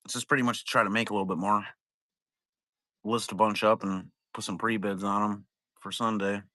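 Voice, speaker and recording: Bright-voiced man rambling on a livestream. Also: lowish voice, flat delivery, brisk, no echo, clean studio sound. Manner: rambling, profane, laid-back. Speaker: trading card break seller. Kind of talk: casual livestream chat.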